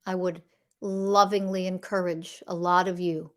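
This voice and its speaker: A woman's voice: on the low side, little pitch movement, measured pace, fairly bright tone. Woman, middle-aged, podcast host, blunt, emphatic, swears, solo monologue. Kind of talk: monologue on emotional health.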